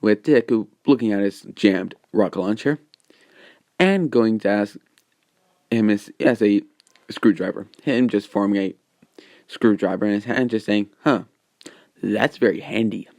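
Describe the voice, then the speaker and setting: A man's voice: lowish voice, measured pace, long pauses, a little mellow, no room sound, studio quality. A man casually retelling a fan story, rambling with lots of fillers.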